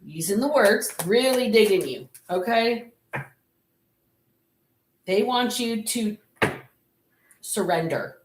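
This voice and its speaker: Slow-talking American woman reading tarot, candid. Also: on the high side, lively intonation, slight background noise. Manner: candid, laughing, swears freely. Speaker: tarot reader. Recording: roomy echo.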